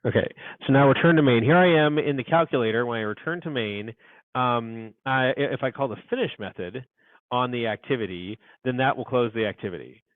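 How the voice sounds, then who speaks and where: Coding live for his students, a university instructor reasons out loud and mutters to himself, speaking fairly quickly in a mid-range voice. There's no echo, though the audio sounds like it came through a phone.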